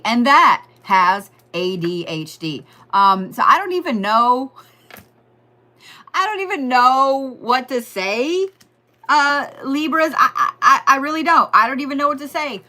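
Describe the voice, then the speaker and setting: A woman with a lilt hosts a casual astrology reading. Her voice is bright and sits a bit high, and she rambles, jokes and swears freely as she talks straight to her listeners. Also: expressive, measured pace. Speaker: astrology and Reiki host.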